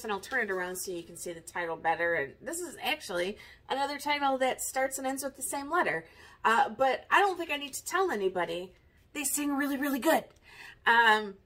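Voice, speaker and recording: A woman's voice: fairly high pitch, pushed and bright. A woman in her fifties, a record collector chatting casually in a vinyl tag video, wry and self-mocking. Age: 50s.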